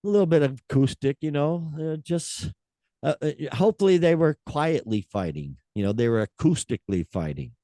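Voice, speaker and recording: A man's voice: a little high, lively intonation, a little fast, warm tone, no room sound, clean studio sound. An older man hosting a podcast, chatting and reading rock news in a jokey, chuckling way. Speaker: podcast host. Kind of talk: casual chat, reading news.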